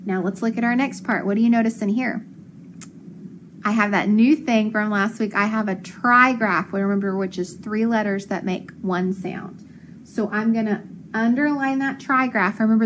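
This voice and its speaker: A woman teaching a phonics lesson to young children, patient and encouraging, sounding out letters slowly. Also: mid-range voice, slight background noise.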